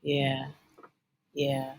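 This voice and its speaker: A woman's voice: very deep voice, monotone, extremely slow, slight background noise. A woman co-hosting a podcast in casual, playful chat, often giggling. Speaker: podcast co-host.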